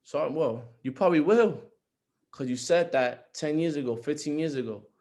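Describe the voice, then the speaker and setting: Fairly high in pitch with a darkish tone, this young man speaks at normal speed. He offers earnest encouragement on a group call, circling back to his points and turning emphatic.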